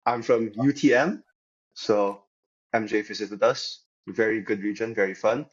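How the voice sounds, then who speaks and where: A young man chats as a podcast guest in a relaxed, upbeat way, laughing easily. His voice sits fairly low. The recording sounds dull and lo-fi. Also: a little slow, slightly rough. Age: young adult. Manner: easygoing, chatty and upbeat, laughing often. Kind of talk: casual podcast chat.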